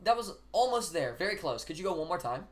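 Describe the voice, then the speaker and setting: Man streamer with lively, bouncing intonation. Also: sits high, fast. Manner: teasing, deadpan requests, occasional laughing asides. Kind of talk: casual live-stream banter.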